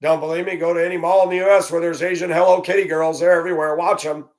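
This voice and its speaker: A man's voice: on the high side, little pitch movement, quick pace. Ranting man in a solo vlog. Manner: ranting, indignant, blunt. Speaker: vlogger. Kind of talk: solo opinion monologue.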